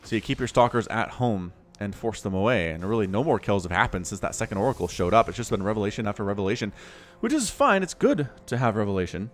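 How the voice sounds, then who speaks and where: A man giving lively solo play-by-play commentary on a strategy game match, quick and playful, with laughs and sound effects. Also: fairly low pitch. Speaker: game caster.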